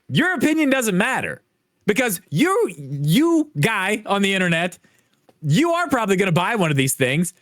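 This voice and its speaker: High, animated man ranting. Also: no echo, studio quality. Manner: profane, ranting, emphatic. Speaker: podcast co-host. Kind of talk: casual opinionated chat.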